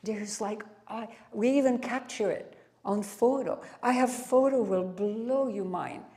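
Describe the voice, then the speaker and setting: A woman with a French accent, a spiritual teacher giving a satsang talk to a live audience, speaking in drawn-out phrases with frequent restarts. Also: fairly high pitch, warm tone.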